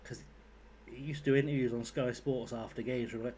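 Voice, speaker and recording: A man's voice: medium pitch, steady tone, fairly quick, darkish tone, a little hiss or hum. A man giving casual, rambling commentary while playing a game, swearing freely. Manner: rambling, sweary, chatty asides. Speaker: gaming YouTuber.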